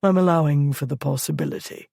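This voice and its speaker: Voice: mid-range voice, fast talker, gravelly, darkish tone, no room sound, studio quality. Narrator playing a stern, menacing duke. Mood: dry calm. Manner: cold, threatening, clipped.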